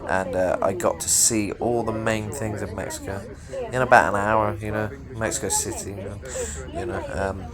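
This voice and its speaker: A man's voice: lowish voice, fairly even intonation, moderate pace, hardly any pauses. A British man giving casual travel commentary outdoors from an open-top tour bus, rambling and swearing freely. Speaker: travel vlogger. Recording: busy street crowd behind.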